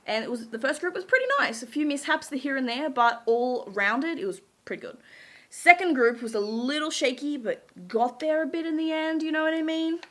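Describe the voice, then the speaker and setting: A woman's voice: sits high, normal speed, a bit bright. A young woman chatting casually, bubbly and giggly, gushing as she recaps a show. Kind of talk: casual chat.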